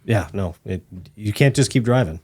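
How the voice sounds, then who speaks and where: A man's voice: lowish voice, lively intonation, moderate pace, mellow. A man who hosts a podcast chats casually with his guest, laughing along and dropping short jokes before telling his own story from his time as a deputy. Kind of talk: casual chat.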